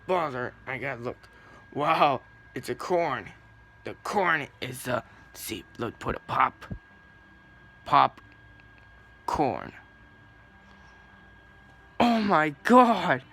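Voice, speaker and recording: A man narrating and voicing his own homemade cartoon, excitable and rambling. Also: a little high, takes it slowly, pauses often. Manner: excitable, muttering, then shouting.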